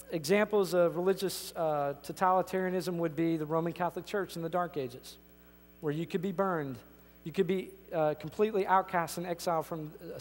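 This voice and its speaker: A man preaching a sermon as pastor, emphatic and conversational, often restarting his sentences. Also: a little high. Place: church sanctuary. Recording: reverberant church hall.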